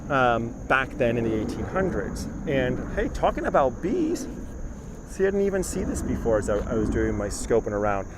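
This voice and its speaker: A man's voice: medium pitch, sing-song, moderate pace. A man guiding a live-streamed garden walking tour outdoors, chatting casually and reading viewer comments aloud. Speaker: tour guide. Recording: outdoor live stream with clear background noise.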